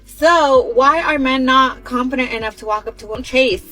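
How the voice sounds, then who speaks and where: A woman's voice: high-pitched, normal speed, pushed and bright, faint music behind, poor audio. A woman speaking her opinions on dating to camera in an assertive, preachy way.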